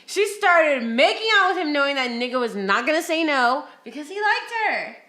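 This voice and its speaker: A woman's voice: high-pitched, sing-song, normal speed, sharp tone. A woman in her twenties telling a story in casual chat as a podcast co-host, blunt and profane. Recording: echoey room.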